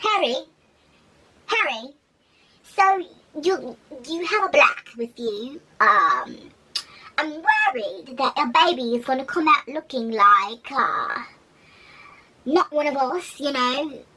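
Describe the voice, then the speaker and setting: A woman's voice: high-pitched, big pitch swings, takes it slowly, pauses often, sharp tone, heavily acted, poor audio. Woman mocking a fretful stuffy older man. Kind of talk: mocking impression in a reaction vlog.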